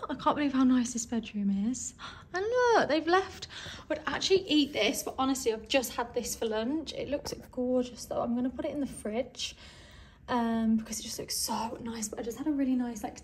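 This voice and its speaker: A woman's voice: high voice, slight background noise. Bubbly young woman vlogging a hotel room. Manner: chatty, bubbly, easily excited. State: slightly out of breath. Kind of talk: casual travel vlog. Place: hotel room in hot weather.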